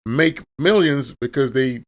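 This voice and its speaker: A man's voice: medium pitch, unhurried. A man co-hosting a casual podcast, talking in an emphatic, profane and sarcastic way. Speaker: podcast co-host.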